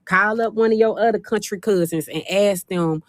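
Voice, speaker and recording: A woman hosting a casual livestream, talking in an animated, folksy and teasing way. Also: mid-range voice, normal speed, dry recording, studio quality. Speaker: livestream host. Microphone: phone.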